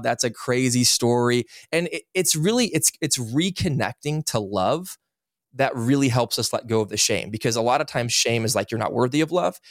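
A man in his thirties, a guest on a podcast, telling a personal story in an earnest, animated way and acting out what people said. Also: medium pitch, no room sound, clean studio sound. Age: 30s. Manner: earnest, animated, acts out quotes. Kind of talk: candid interview storytelling.

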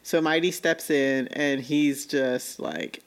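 A woman's voice: rumbling low, slow pace. A woman in casual conversation recapping an anime, chatty and laughing often as she acts out characters' lines. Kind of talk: casual chat reviewing an anime.

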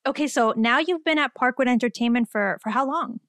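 An enthusiastic woman hosts a casual podcast interview, reacting with gasps and laughter. Her voice sits a little high and sounds close and dry on the mic. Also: a bit bright, dry recording. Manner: enthusiastic, quick to gasp and laugh. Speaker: podcast host.

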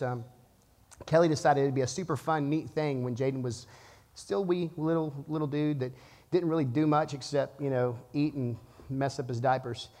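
A pastor in his thirties preaching to his church, telling a lively story and then dropping to a hushed, earnest tone. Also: a little high. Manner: animated storytelling, swings from loud to hushed. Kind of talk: sermon. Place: church auditorium.

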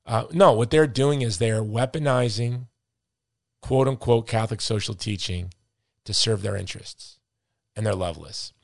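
A man's voice: on the low side, moderate pace, creaky, no echo, clean studio sound. A middle-aged man hosting a podcast, ranting with emphatic, repeated words as he comments with passion. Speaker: podcast host.

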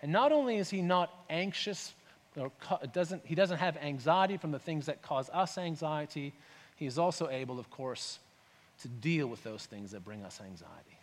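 In a big-sounding room, a man with a slightly high, animated voice preaches at normal speed. He's conversational as pastor, asking rhetorical questions and performing different voices.

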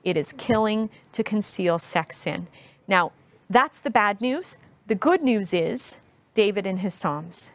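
Woman in her 30s on an interview, earnest heartfelt storytelling, slow and careful. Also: medium pitch, expressive. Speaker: guest speaker.

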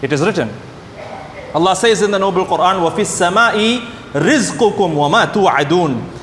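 A man preaching a sermon to his congregation, telling stories with lively delivery and acting out the people in them. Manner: animated storytelling, voices the characters in anecdotes. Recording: echoey hall with faint rumble.

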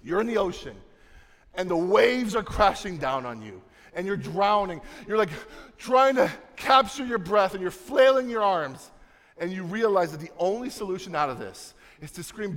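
A young man preaching a sermon, swinging from soft, low passages to loud, emphatic ones. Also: very animated, moderate pace. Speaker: pastor. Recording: long reverb of a large hall.

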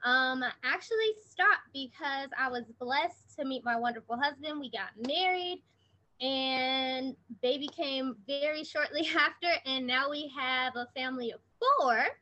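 A woman's voice: sits high, measured pace, bright, forceful tone, dull audio. A woman in her thirties, a guest telling her story in a rambling, chatty way with many fillers. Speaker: guest, online preschool owner. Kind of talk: casual interview chat.

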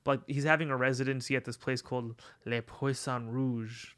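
A young man co-hosts a casual podcast, his voice sitting at an ordinary middle pitch. He rambles loosely, swears freely and laughs often, in a relaxed, unpolished way. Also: moderate pace, clean tone. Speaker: podcast co-host.

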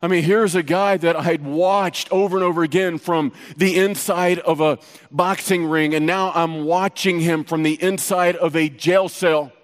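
A man's voice: a little high, fairly even intonation, normal speed, in a large hall. A middle-aged male pastor preaching a sermon, telling a personal story in a conversational, teasing way.

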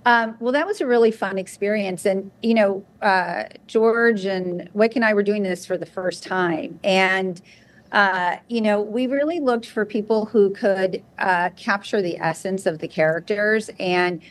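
A woman guest on an interview show, telling an anecdote in a lively, chatty way. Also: medium pitch, a little slow. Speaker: guest, television producer. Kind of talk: interview storytelling.

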